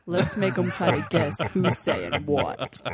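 A woman doing a low slow spooky effect voice. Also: sing-song, noisy background, heavily acted. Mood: mock-ominous. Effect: voice effect for a scary sound.

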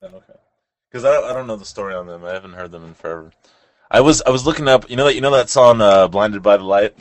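A man's voice: on the low side, animated, quick pace, dry recording. A young man chatting casually as co-host, rambling, laughing and swearing now and then. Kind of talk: casual chat.

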